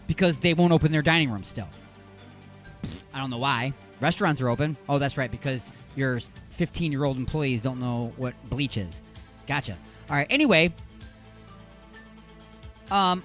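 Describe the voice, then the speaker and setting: A man with a high, slightly bright voice hosts an internet radio show from his studio. He reads out odd news stories as comedic banter, joking, rambling, and tossing in self-mocking asides.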